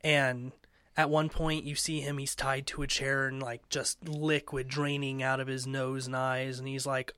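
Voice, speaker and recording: A man co-hosting a podcast, explaining things in a relaxed, halting way full of fillers. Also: mid-range voice, clear, resonant tone, dry recording. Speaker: podcast co-host. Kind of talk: casual podcast chat.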